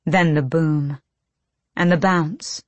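A woman's voice: low voice, fairly even intonation, slow pace, darkish tone, dry recording. A woman reading an audiobook in tense, clipped bursts of phrasing. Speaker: audiobook narrator. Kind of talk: scripted audiobook narration.

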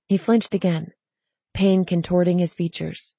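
A woman narrating a story in a measured, even reading voice. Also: fairly low pitch, no room sound. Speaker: audiobook narrator. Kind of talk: scripted narration.

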